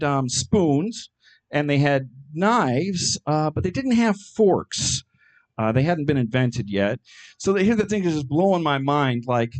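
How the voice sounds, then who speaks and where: A middle-aged man performing stand-up, telling absurd jokes with a deadpan, hesitant delivery full of ums. His pitch swings widely from low mutters to sudden high bursts. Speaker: stand-up comedian. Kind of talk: stand-up comedy set.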